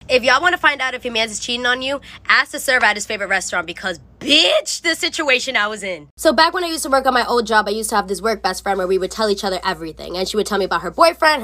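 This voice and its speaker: Young woman, brash storyteller, high and bright, quick delivery, phone-recorded. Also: lively intonation, no room sound. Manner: brash, sassy, swears often, acts out both sides of the story. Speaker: TikTok storyteller. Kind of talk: casual storytime monologue.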